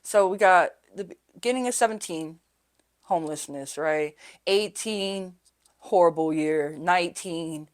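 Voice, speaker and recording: A podcast guest with a lowish voice and measured pace tells her life story, rambling and candid, swearing casually and often adding "right?" and "you know." Reliving hard moments, she frequently drops to a quiet voice.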